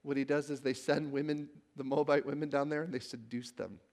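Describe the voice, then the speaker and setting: A male pastor preaching a sermon, telling the story with animation and acting out the quotes, then growing hushed when he reads scripture. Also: medium pitch, steady tone, fairly quick. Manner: drops to a hushed, reverent tone when reading scripture.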